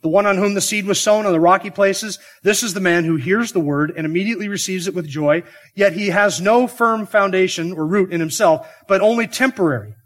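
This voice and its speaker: Pastor, male, fairly high voice, earnest expository preaching with rhetorical questions. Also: fairly quick. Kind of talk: expository sermon.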